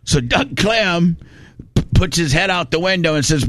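A man's voice: sits high, lively intonation, normal speed, a bit bright, slight background noise. A middle-aged man from Indiana telling a long, rambling, profane story in casual chat, restarting his sentences often.

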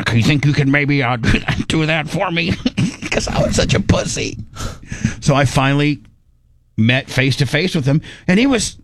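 A man hosting a radio talk show, telling a story in a casual, animated way and acting out the quoted dialogue. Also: mid-range voice, no room sound.

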